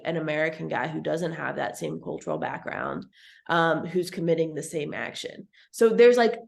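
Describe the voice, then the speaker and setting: A woman from Texas co-hosting a podcast in casual chat, animated and quick to laugh. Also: on the low side, creaky. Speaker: podcast co-host.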